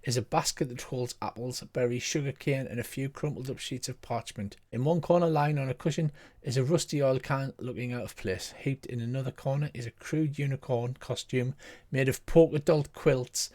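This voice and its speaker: A man's voice: mid-range voice, normal speed, a little mellow. A man, narrating as game master and patiently explaining the rules.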